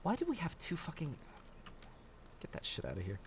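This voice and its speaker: Gravelly, grumbling gamer man. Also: a little high, wildly swooping pitch, brisk, a little hiss or hum. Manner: grumbling, profane, self-mocking. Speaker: streamer playing a survival game. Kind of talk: casual gameplay commentary.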